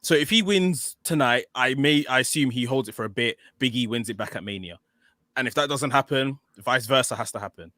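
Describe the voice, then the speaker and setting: Dude on a podcast, bright tense voice, dry close mic, lots of ums. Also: male voice, medium pitch, brisk, dry recording. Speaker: podcast co-host. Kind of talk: casual chat.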